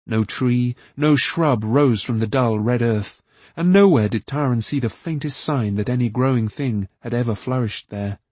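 A man narrating an audiobook in a steady, measured storytelling voice with a husky tone. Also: mid-range voice, no room sound.

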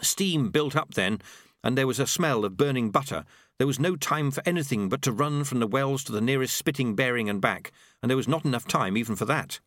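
A man reading a novel aloud in measured, expressive scripted narration. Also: medium pitch, no room sound, studio quality. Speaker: audiobook narrator.

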